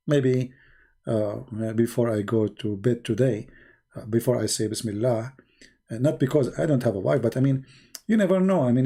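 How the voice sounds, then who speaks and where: Sarcastic man with dark voice. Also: a little high. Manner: sarcastic, non-native grammar, shifts between loud and quiet. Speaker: online commentator. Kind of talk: mocking commentary.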